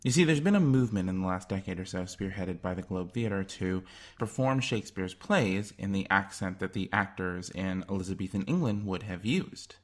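A man's voice: deep voice, moderate pace. A man narrating a scripted video essay in a wry, enthusiastic way.

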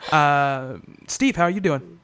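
A man's voice: a little high, expressive, extremely slow, crowd noise. A man hosting a podcast who playfully prompts his co-hosts with questions. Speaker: podcast host. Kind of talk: casual chat.

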